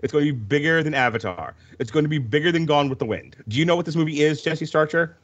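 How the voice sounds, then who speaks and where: A man's voice: a little high, fast talker. A man co-hosting a podcast in casual chat, joking and rambling, with a little swearing. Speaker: podcast co-host. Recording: dull lo-fi sound.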